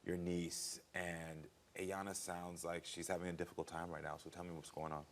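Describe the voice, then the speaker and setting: A man's voice: deep voice, level tone, normal speed, a little hiss or hum. A man hosting a talk show, talking to a guest in an emphatic, affectionate way with playful teasing. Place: TV studio.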